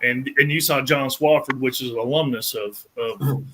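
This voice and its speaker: A man's voice: medium pitch, fairly even intonation, moderate pace, fairly bright tone, a little hiss or hum, rough recording. A man and sports fan chatting casually on a podcast, easygoing with frequent restarts. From Maine. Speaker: podcast guest, Clemson fan. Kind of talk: casual chat.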